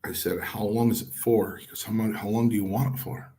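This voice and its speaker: A man's voice: lowish voice, a little fast, slight background noise. A middle-aged man, a former wrestler, telling stories from his career and acting out what others said. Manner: acts out quotes of others, lively. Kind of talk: anecdotal storytelling.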